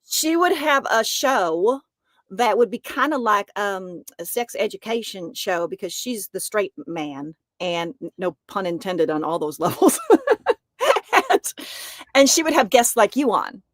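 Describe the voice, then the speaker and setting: A woman's voice: medium pitch, animated, a little slow, dry recording. Enthusiastic woman, dry close sound. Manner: enthusiastic, laughs often. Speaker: guest singer-songwriter. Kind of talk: casual interview chat.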